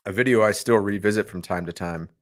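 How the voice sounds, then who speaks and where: A man's voice: fairly low pitch, fast talker. A man co-hosting a podcast, chatting casually and rambling, laughing easily, over a home mic. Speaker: podcast co-host. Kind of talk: casual chat. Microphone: home microphone over a call.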